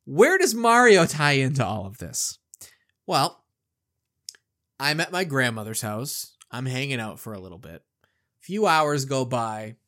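A middle-aged man co-hosting a podcast, telling a childhood story in a casual, animated way and acting out the quotes. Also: medium pitch, measured pace, long pauses. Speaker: podcast co-host.

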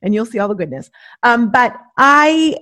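A middle-aged woman talking as a podcast host and coach, giving a lively motivational monologue and acting out the voices she quotes. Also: fairly high pitch, moderate pace, dry recording. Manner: animated, acts out inner voices and quotes.

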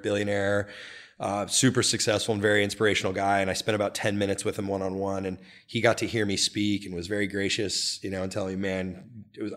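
A man speaking candidly as an interview guest, earnest and animated, sometimes rising into excited bursts. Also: deep voice. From United States. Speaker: guest, real estate brokerage founder.

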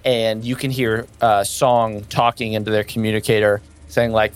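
A man's voice: medium pitch, fairly even intonation, moderate pace, hardly any pauses, slight background noise. A man narrating as game master in a tabletop role-playing session, laughing often and jumping into silly voices.

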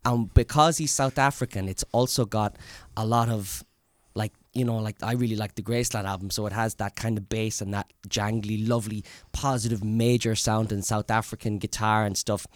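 A man's voice: lowish voice, steady tone, normal speed, few pauses, dry recording, studio quality. A man co-hosting a podcast, chatting casually and rambling with plenty of hesitations. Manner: rambling, hesitant with many ums. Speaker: podcast co-host. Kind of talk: casual chat.

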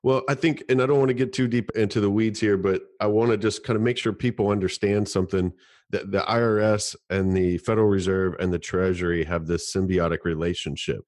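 A man's voice: fairly low pitch, fairly even intonation, brisk, a little mellow, no echo, studio quality. A man co-hosting a podcast in casual chat, explaining ideas and often repeating words as he thinks. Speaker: podcast co-host.

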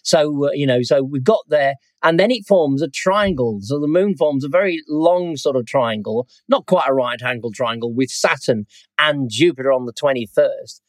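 A man's voice: medium pitch, normal speed, no room sound. A middle-aged man chatting about the night sky as a podcast co-host, rambling and tossing in "sort of thing". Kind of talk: casual chat.

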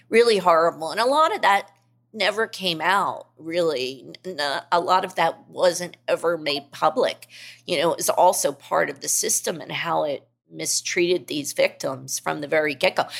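Gravelly-voiced woman reporter, earnest. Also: lowish voice, fairly bright tone. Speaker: investigative reporter, guest. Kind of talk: podcast interview.

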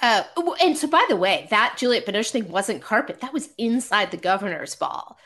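Animated woman telling stories. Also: medium pitch, moderate pace. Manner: animated, self-deprecating, many restarts. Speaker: guest. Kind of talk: casual storytelling.

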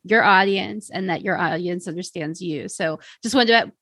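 A woman's voice: on the low side, a bit bright, no echo. A woman hosting a podcast, summarizing takeaways and asking follow-up questions. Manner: measured, summarizing. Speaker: podcast host. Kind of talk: interview recap and questions.

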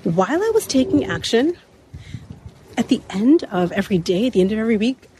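A woman in her thirties hosting a motivational talk while walking uphill outdoors, a bit out of breath, her voice slightly raspy, repeating key points and laughing often. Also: a little high, big pitch swings, fairly quick, noisy background. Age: 30s. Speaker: podcast host.

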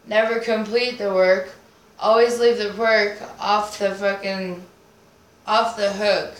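A woman's voice: medium pitch, steady tone, takes it slowly. Guest spot: woman rambler, free-associating, coins words, curses, roomy room. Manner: rambling, swearing, invents nonsense words. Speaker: podcast guest. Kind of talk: casual rambling chat. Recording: roomy echo, faint noise.

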